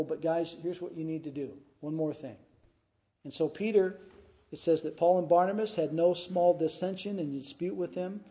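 Preaching through a scripture passage in expository style, a man with a warm, fairly high voice keeps asking his congregation "huh?" and "right?" He's their pastor.

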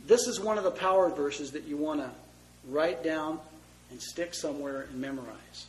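A man preaching a conversational sermon, moving between loud emphasis and hushed, tender asides. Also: a little high, normal speed, low-quality recording. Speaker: pastor.

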